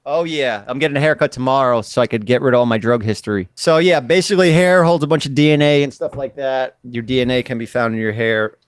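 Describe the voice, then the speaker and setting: A man's voice: medium pitch, fast talker, hardly any pauses, smooth, dry recording. A man hosting a podcast in casual chat, joking and rambling with mock-tough banter. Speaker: podcast host.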